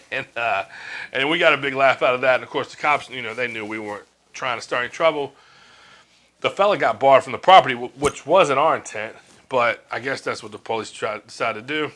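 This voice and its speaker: Man in his 40s, tattoo artist, relaxed storyteller, swears a lot, acts out quotes, bright forceful tone. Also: mid-range voice, brisk. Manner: laid-back, swears freely, acts out quoted lines. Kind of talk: casual storytelling.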